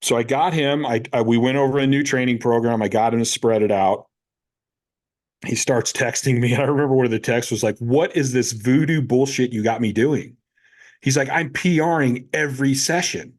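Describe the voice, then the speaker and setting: A man in his fifties, a powerlifting coach, talks casually on a podcast. He tells stories with energy and acts out both voices in the conversations he recounts, in a voice of ordinary pitch for a man. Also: moderate pace. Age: 50s. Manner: animated storyteller who acts out both sides of conversations.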